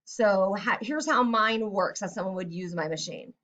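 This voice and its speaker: A woman's voice: medium pitch, moderate pace, a bit bright. A woman teacher giving a recorded writing lesson to children, guiding them step by step and acting out example sentences. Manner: step-by-step, encouraging, acts out example lines.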